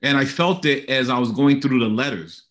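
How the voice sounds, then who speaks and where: A man's voice: medium pitch, expressive, a little fast, fairly bright tone. Earnest middle-aged man telling his story. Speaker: guest sharing a personal testimony. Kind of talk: conversational interview.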